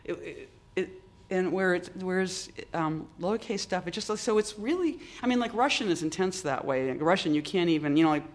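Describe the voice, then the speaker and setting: An older poet from Boston, talking in a halting way with many restarts and strong emphasis. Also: mid-range voice, lively intonation. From Boston, United States. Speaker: poet, interview guest. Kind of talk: reflective conversation.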